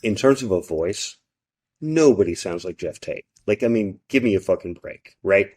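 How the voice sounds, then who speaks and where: A man's voice: fairly low pitch, expressive, normal speed, a little mellow. A male podcast host in casual chat, rambling, swearing a lot and often tagging his lines with "right?".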